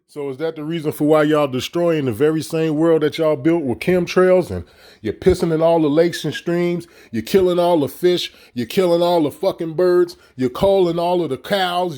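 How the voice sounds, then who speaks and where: A man's voice: a little high, moderate pace, a little mellow. A middle-aged man giving a heated, profane rant to camera, full of rhetorical questions and mockery. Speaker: vlogger. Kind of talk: casual ranting commentary.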